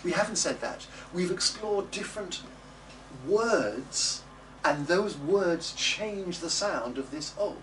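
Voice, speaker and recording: A man's voice: high voice, animated, takes it slowly, fairly bright tone. A man teaching a singing class, coaxing students and demonstrating phrases by singing them. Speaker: music teacher. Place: classroom or studio. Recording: distant mic with background noise.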